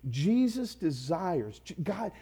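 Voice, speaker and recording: A man in his thirties, a pastor preaching a sermon, speaking directly to his congregation with frequent questions and building to loud, emphatic peaks. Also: high-pitched, sing-song, slow pace, slightly rough.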